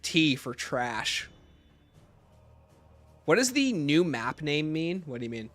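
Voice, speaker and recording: A male livestream host chats casually, reading viewers' comments aloud and answering with blunt opinions. His slightly high voice is bright and forward, delivered slowly but with a very animated, bouncing energy, and faint music plays behind him.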